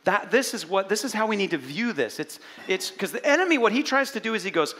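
A man preaching a sermon in an animated way, swinging between loud and soft. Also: high voice, fast talker, hardly any pauses. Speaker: pastor. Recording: long hall reverb.

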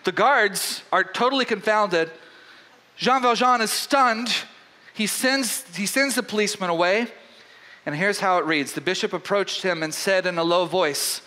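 A man preaching a sermon as pastor, telling a story in an animated way with frequent restarts. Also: on the high side, normal speed.

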